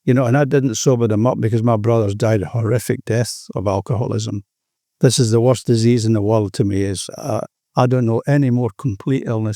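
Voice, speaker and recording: A man's voice: medium pitch, mellow, dry recording, clean studio sound. An older Australian man sharing his recovery story at a meeting, earnest and rambling, often saying "you know".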